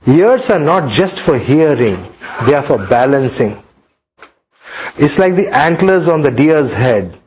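Man, astrology teacher, high voice, very lively pitch, rhetorical questions, dull lo-fi recording. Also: measured pace, slight background noise. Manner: animated, rhetorical questions, acts out complaints. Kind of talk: lecture to students. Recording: dull lo-fi sound.

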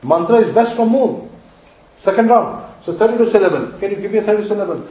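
Fast and animated, a man with a high-pitched, dark voice teaches astrology, repeating his main points emphatically and quizzing listeners to make sure they're with him. Slight background noise, a very echoey room, and a far-off mic mark the recording.

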